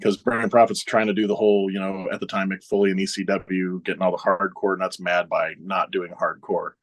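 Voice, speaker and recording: This man talks briskly in a low, level tone. He's a pro wrestler in his forties, relaxed in an interview as he recounts backstage tales, laughing frequently and voicing what others said.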